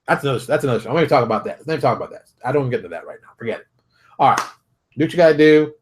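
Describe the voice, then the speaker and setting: A man hosting his own show, talking straight to viewers in a fired-up, preachy rant full of rapid rhetorical questions. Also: medium pitch, animated. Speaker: show host. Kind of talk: animated solo commentary.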